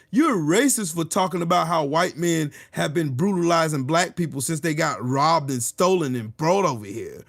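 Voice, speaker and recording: A combative man ranting straight to his audience, cursing freely and mocking his critics. His voice sits a little high for a man and swings widely in pitch as he hammers each point. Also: expressive, normal speed, gravelly, few pauses, a bit bright. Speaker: channel host. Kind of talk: ranting commentary.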